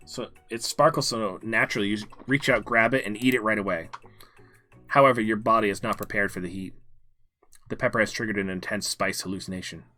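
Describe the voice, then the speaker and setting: A man streaming a dating game, reading its narration aloud in a playful, lively way. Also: on the low side, a little fast, no echo, faint music behind.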